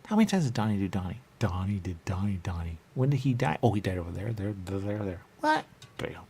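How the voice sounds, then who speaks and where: A man's voice: on the low side, huge pitch swings, racing, creaky, warm tone, slightly rough. A man hosting a radio talk show, bantering in a rambling, playful way full of repeated wordplay. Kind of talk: loose comedic studio banter. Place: radio studio.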